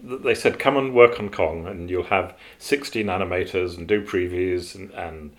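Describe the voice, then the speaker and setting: Deep-voiced male animator telling stories. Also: normal speed. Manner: rambling, with many fillers and restarts. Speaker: animator guest. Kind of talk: interview storytelling.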